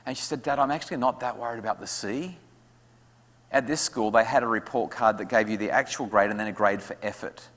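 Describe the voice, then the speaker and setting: A man speaking to parents at an evening talk, lively and acting out what his kids say. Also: lowish voice, fairly quick. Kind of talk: talk to an audience with questions. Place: school hall. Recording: hall reverb.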